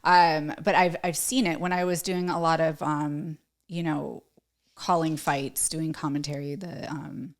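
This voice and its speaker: A woman's voice: low-pitched, little pitch movement, measured pace. A woman co-host in her thirties from the United States, a former fight commentator, chatting casually about grappling with lots of fillers. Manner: laid-back, explains grappling with fillers. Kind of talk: casual podcast chat.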